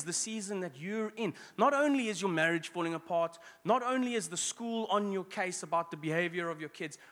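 A man preaching a sermon as pastor, conversational with quick asides and restarts. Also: fairly high pitch, a bit bright, long reverb tail.

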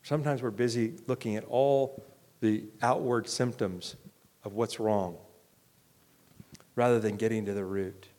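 Earnest pastor preaching in a big echoing hall. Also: male voice, on the low side, fairly even intonation, unhurried, pauses often. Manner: earnest, conversational, many restarts, swings from loud urging to quiet. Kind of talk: sermon. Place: church hall. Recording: long reverb of a large church hall.

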